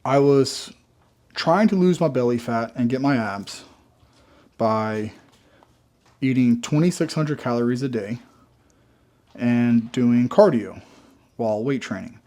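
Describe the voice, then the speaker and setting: A man's voice: mid-range voice, slow pace, long pauses, dark tone. A young man out of breath after training, talking in a rambling, emphatic way and repeating himself as he vlogs from the gym. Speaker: fitness vlogger. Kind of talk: casual gym vlog.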